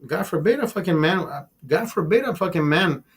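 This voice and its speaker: A man's voice: sits high, animated, brisk, husky. A man hosting a casual livestream, ranting emphatically with a lot of swearing, often calling his listeners brother and repeating words as he goes. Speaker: livestream host.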